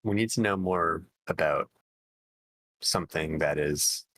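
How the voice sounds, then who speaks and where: A man's voice: low voice, a little slow, fairly bright tone, dry recording, poor audio. A man playing a tabletop game in character, negotiating in a hesitant way full of fillers. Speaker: player. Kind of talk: tabletop role-play in character.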